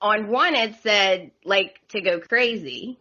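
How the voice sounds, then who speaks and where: Southern US woman guest, bright and giggly, hesitant, slightly dull sound. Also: mid-range voice, takes it slowly. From southern United States. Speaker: podcast guest. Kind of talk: casual chat.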